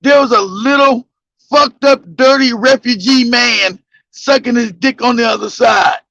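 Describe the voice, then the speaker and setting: A man telling a crude story in loud, casual, profane talk, laughing and breaking into shouts. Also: extremely high pitch, measured pace, no room sound. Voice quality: gravelly. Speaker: podcast host telling a story. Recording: dull lo-fi dry sound.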